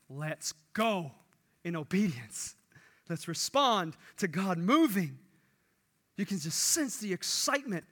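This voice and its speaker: A man preaching a sermon in an animated way, acting out the lines he quotes. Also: sits high. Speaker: pastor.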